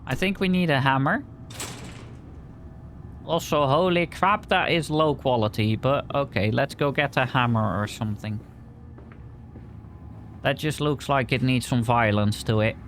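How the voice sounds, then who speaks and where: A man's voice: mid-range voice, a little slow, pauses often, fairly bright tone, a little hiss or hum. A man playing a horror game and commenting with joking, sarcastic asides, sometimes reading in-game notes aloud. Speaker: gaming video creator.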